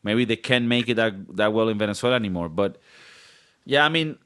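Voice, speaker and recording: A man's voice: lowish voice, animated, a little fast, pushed and bright, clean tone. Young male podcast co-host, rambling joker, casual and profane. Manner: rambling, joking, swears a lot. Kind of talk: casual banter.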